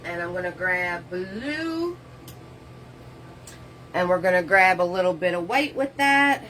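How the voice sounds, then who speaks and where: A woman gives a casual live painting tutorial in a fairly low, animated voice that's a bit bright, at a measured pace. The audio is poor, with a little hiss or hum. Chatting with viewers, she answers comments while painting and offers loose step-by-step directions.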